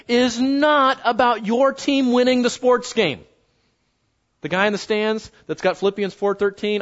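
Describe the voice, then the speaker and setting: Guy preaching, chatty and lively, kinda higher voice, muffled lo-fi sound. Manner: conversational, animated, slows down for emphasis. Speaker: pastor. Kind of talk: sermon. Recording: dull lo-fi sound.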